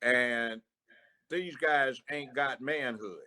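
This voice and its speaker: Older man, ex-judge, blunt streetwise storyteller, mid-pitched voice, acts out courtroom lines. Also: very slow, pushed and bright. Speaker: former judge. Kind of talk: storytelling in an interview.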